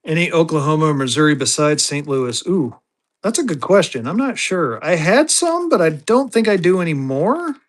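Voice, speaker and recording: This man, selling on a live online auction, keeps up a casual chat with viewers and reasons aloud while organizing his inventory. His voice runs on the high side and is very animated, delivered at normal speed.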